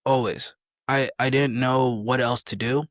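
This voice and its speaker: A man's voice: medium pitch, fairly even intonation, a little slow, no echo, clean studio sound. A young man in his twenties, an army soldier telling stories in a casual interview, rambling with restarts and acting out quotes.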